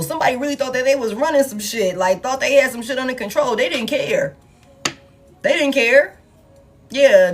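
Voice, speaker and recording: A woman giving a casual tarot reading in a blunt, profane manner, with laughing asides. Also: fairly high pitch. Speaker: tarot reader.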